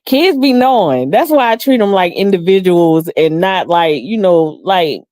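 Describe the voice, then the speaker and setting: Woman livestream host, slow lively delivery, dry close sound. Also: dry recording. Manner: animated, laughs often, acts out quotes in high voice. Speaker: livestream host reading chat comments. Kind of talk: casual storytelling chat.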